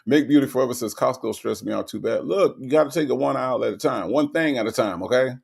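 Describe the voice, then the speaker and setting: A man hosting a casual livestream, reading viewer comments aloud and greeting each viewer in an animated way. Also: mid-range voice, fast, vocal fry, breathy edge. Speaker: livestream host.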